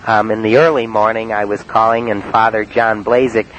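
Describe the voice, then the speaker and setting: A man from Cleveland telling about his prank calls in a halting, rambling monologue full of uh and um. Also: fairly low pitch, fairly even intonation, a bit bright, poor audio. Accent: Cleveland, Ohio. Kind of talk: rambling spoken-word monologue. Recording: faint hiss on an old cassette tape.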